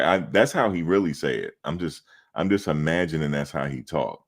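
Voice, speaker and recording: A man with an exceptionally deep voice hosts a sports talk show. He banters loosely with viewers in the chat, mocking them and repeating lines for laughs. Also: expressive, moderate pace. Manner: trash-talking, mocking, repeats himself for laughs. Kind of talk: casual chat responding to live chat.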